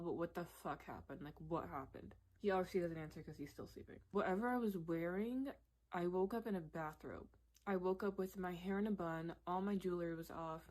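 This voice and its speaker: Young woman, slightly low voice, candid and animated storyteller, casual vlog delivery. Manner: candid, animated, lots of "like" and "literally". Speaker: storytime vlogger.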